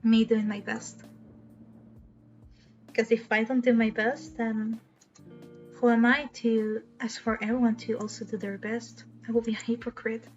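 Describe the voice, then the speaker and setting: On a casual live stream, a young woman with a slightly high, a little mellow voice talks earnestly and with feeling, keeping a level tone and measured pace broken by long pauses. She laughs softly and restarts a lot; soft music plays under slightly dull, lo-fi audio.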